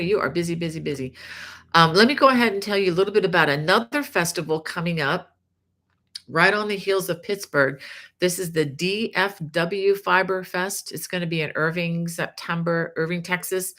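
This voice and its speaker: A woman's voice: lowish voice, fairly bright tone. A middle-aged woman hosting a live crochet stream, chatting casually with many fillers. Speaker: crochet teacher and livestream host.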